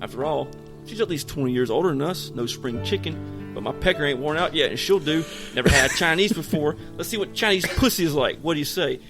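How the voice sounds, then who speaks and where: A man voicing a pushy young man who talks in a loud, coaxing, sneering way. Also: on the high side, lively intonation, brisk, soft background music. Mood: sly.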